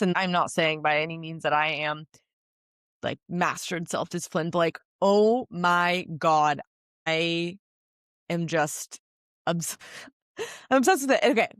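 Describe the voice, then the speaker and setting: Twenty-something woman rambling on her podcast, lots of "like", lowish voice, dry close sound. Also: smooth, dry recording. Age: 20s. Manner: chatty, emphatic, lots of fillers and laughs. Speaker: podcast host. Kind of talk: casual solo podcast monologue.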